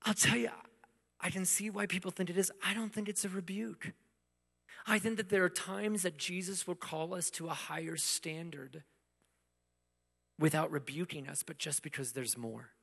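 A man preaching a sermon in a conversational way, asking rhetorical questions and swinging between loud emphasis and hushed asides. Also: high voice, fairly even intonation, normal speed, vocal fry, slightly rough. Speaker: pastor. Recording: long hall reverb.

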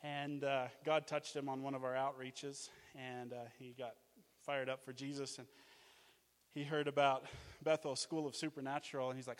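A man from Australia preaching a sermon, energetic and jokey, telling stories and acting out what people said. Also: mid-range voice, a little fast, big-room sound. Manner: energetic, animated, jokey, acts out quotes. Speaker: guest preacher, mission leader. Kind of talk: sermon with storytelling. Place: church.

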